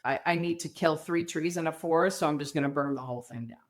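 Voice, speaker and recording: A middle-aged woman with a somewhat low voice tells her story as an interview guest. She talks candidly and slips into quoted dialogue with animated voices. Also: fast. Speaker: podcast guest.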